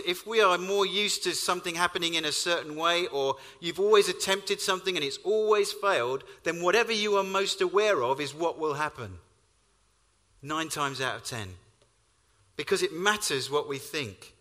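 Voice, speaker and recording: A man preaches a sermon, his fairly high, bright voice lifting with emphasis on key lines. His storytelling rings out with the long reverb of a hall.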